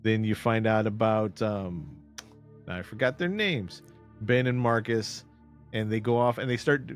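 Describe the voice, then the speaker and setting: A man's voice: on the low side, a little slow, faint music behind. A man co-hosting a podcast, casually recapping a horror movie and acting out quoted lines. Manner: animated retelling with quoted voices. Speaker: podcast co-host.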